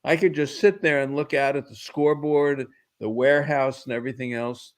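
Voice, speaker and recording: A man's voice: mid-range voice, fairly even intonation, moderate pace. Man reminiscing fondly about ballparks. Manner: nostalgic, fond reminiscing. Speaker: radio guest, baseball analyst. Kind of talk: casual sports talk.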